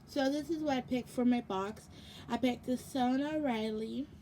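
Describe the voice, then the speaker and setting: A woman's voice: on the high side, moderate pace, warm tone, slight background noise. A young woman chatting casually through a product unboxing, rambling with lots of ums and self-corrections, sounding sleepy and yawning. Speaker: vlogger.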